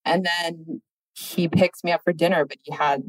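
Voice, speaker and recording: A woman in her thirties telling a story as a podcast guest, deadpan and drawn out. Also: on the low side, dry recording, low-quality recording. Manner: deadpan, drawn-out delivery, puts on voices in anecdotes. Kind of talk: casual chat, storytelling.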